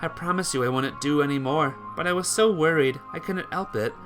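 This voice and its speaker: A man's voice: a little high, brisk, over music, voice pushed up, close to an everyday voice. A man voicing a weak, faltering young woman. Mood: weak, pleading.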